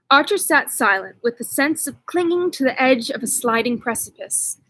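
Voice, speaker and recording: Woman audiobook reader, husky, slightly high, relaxed chatty asides. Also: moderate pace, hardly any pauses, no echo, poor audio. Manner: chatty asides to her dog. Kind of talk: reading a classic novel aloud.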